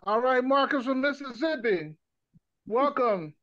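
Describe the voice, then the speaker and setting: High-pitched man, friendly co-host, hesitant restarts, dry and dull video call audio. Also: animated, measured pace, a bit bright, dry recording. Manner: friendly, greets each caller, some hesitant restarts. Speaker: co-host introducing a speaker. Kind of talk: casual online meeting greetings and introduction.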